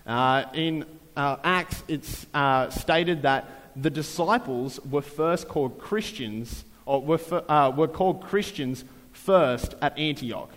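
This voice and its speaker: A man's voice: a little high, takes it slowly, a bit bright. A man preaching a casual, conversational sermon, full of fillers and joking asides. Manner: chatty, many fillers, jokey asides. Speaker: pastor. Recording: long reverb of a large hall.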